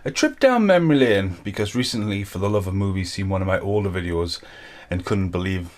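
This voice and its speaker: A man's voice: low-pitched, expressive, brisk. A man giving a chatty, upbeat introduction to a collaboration video. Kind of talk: casual intro to camera.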